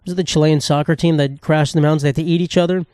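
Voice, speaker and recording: A young man in his twenties rants through a solo comedy podcast. He is profane and rambling, and keeps jumping into silly put-on voices. His voice is a little high and sounds close and dry. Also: steady tone, racing, darkish tone, no echo. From United States. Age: 20s. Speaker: podcast host.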